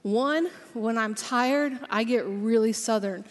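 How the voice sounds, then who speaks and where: Woman chapel speaker from South Georgia, lively storyteller, leans on slow emphatic phrases; live in an echoing hall. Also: fairly high pitch. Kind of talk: sermon.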